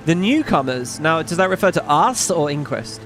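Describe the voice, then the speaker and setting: A man talking through a video game playthrough in a loose, chatty way, thinking out loud and reading bits of on-screen text. His pitch sits a little high and swings up and down with animated energy. Game music plays clearly behind him. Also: moderate pace. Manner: chatty, muses aloud, reads on-screen text. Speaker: gaming YouTuber. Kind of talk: casual let's-play commentary.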